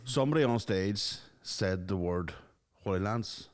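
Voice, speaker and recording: A man's voice: fairly low pitch, a little slow. A man co-hosting a comedy podcast, telling stories with swearing and frequent laughs. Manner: sweary storytelling, laughs often. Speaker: podcast co-host. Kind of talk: casual comedy chat.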